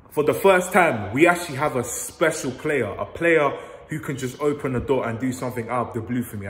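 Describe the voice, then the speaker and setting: A man giving a steady, analytical fan review of a football match, repeating phrases for emphasis. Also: medium pitch. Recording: echoey room with long reverb.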